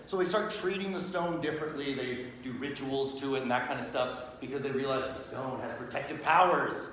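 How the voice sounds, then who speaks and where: In a very echoey room with a faint hum, a man gives a relaxed classroom talk on religion, regularly asking "right?" and acting out scenes in character voices. His voice is on the high side and a bit bright, with a steady tone, a fairly quick pace and few pauses.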